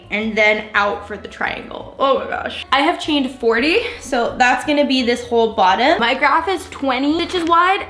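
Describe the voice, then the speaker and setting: A young woman vlogging at home as she crochets, chatty and excitable, talking to the camera on a stand. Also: on the high side. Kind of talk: casual talk-to-camera vlog.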